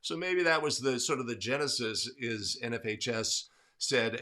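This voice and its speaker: Upbeat bright-voiced man hosting a livestream. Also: medium pitch, normal speed, hardly any pauses. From California. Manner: upbeat, greets chat viewers by name. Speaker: livestream host. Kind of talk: casual livestream chat.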